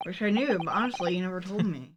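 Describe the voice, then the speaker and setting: Quick-talking woman playing a game. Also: on the low side, muffled recording, heavy background noise. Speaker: game player. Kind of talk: casual let's play chat.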